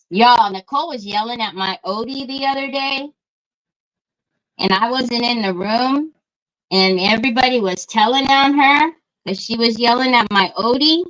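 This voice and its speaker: A woman's voice: fairly high pitch, a bit bright. A middle-aged woman, chatting casually and greeting viewers by name while she crafts on a livestream. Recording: dull lo-fi livestream audio.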